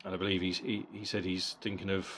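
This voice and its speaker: Deep-voiced blunt man reviewing a boxing fight. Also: level tone, fast talker, background noise. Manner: blunt and profane, with frequent repeated words. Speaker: boxing vlogger.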